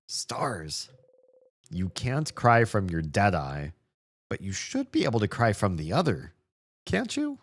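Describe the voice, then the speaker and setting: A man hosting a let's play, reading the game's text aloud and commenting on it in a playful way, with frequent laughs and soft mumbled asides. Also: lowish voice, huge pitch swings, slow pace.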